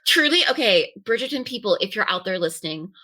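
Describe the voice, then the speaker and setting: A woman co-hosting a podcast, joking and enthusiastic and quick to laugh. Her voice is bright and forward, and her pitch sits in the middle. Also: big pitch swings. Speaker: podcast co-host. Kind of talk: casual chat.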